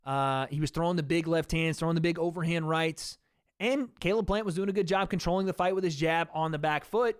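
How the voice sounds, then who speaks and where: A man with a fairly high, smooth voice calls a fight play by play for his livestream viewers. His talk is loose and chatty, and he keeps turning to the audience as "guys." The sound is dry and close, with no room echo. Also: fairly even intonation, a little fast. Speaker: livestream host. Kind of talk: casual play-by-play commentary.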